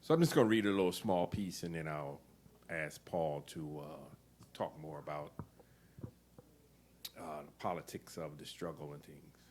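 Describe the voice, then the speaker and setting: A man's voice: a bass voice, moderate pace, long pauses, darkish tone, slight background noise. A man introducing his essay in a loose, rambling way, then reading it aloud. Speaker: poet and event organizer.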